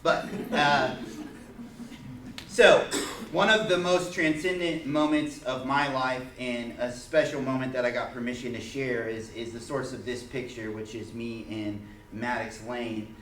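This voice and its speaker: A man leading an informal church teaching, telling a personal story in an earnest, halting way with many restarts. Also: mid-range voice, steady tone, a bit bright. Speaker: church group leader. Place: church meeting room. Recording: echoey room, mic far off, faint hiss.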